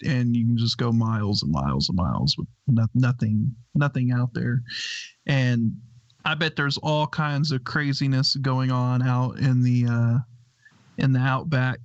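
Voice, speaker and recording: Brief: male co-host, halting casual delivery with lots of restarts, muffled lo-fi sound. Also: mid-range voice, no echo. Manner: hesitant, stammers and restarts often. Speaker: co-host of a paranormal livestream. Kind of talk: casual livestream chat. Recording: dull, dry lo-fi audio.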